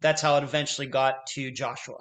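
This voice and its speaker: A man's voice: medium pitch, little pitch movement, fairly quick, a bit bright. A man conducting an investigative interview, methodical and probing with follow-up questions.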